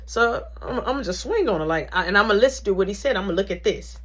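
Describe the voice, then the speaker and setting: A woman telling a casual storytime in an animated, slangy way, with big swings in her voice. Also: mid-range voice, fast talker.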